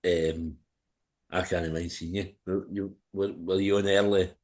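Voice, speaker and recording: A male podcast host with a lowish voice chats casually with his guest. He asks friendly, leading questions, adding fillers and tag questions like "weren't you?". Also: little pitch movement, a little slow, a little mellow. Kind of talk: casual interview.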